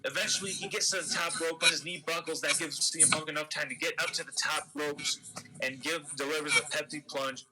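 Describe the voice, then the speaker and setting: A man hosting a podcast, chuckling and giving excited play-by-play recaps of a wrestling sim game in casual chat. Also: on the high side, a little fast, faint music behind, low-quality recording.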